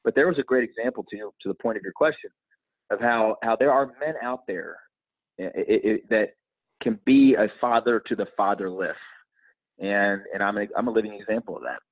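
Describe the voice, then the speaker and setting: A middle-aged man telling an earnest, reflective personal story as an interview guest, restarting his sentences often, his voice husky. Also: on the low side, brisk. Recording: tinny phone-like line.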